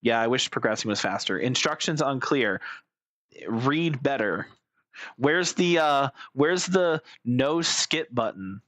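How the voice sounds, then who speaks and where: A man's voice: medium pitch, lively intonation, slow pace, a bit bright, no room sound. A man giving casual reaction commentary as a streamer, blunt, sarcastic and profane.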